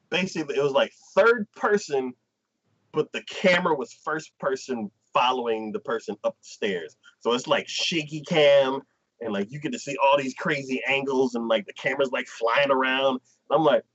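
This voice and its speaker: Animated man retelling a plot. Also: medium pitch, husky, muffled recording. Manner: animated plot retelling, acting out characters in quotes. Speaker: anime podcast host. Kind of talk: casual livestream chat.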